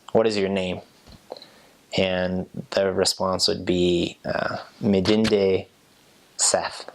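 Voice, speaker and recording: Gravelly low-voiced young man. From United States. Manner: relaxed, rambling with restarts. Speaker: returned missionary. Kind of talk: casual storytelling.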